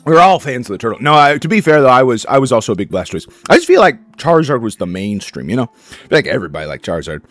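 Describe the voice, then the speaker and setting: Chatty male streamer talking to chat and his dog, lively, dry close sound. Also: mid-range voice, racing, no room sound. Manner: chatty, rambling, coos baby talk at his dog. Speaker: game streamer. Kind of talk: casual chat with stream viewers.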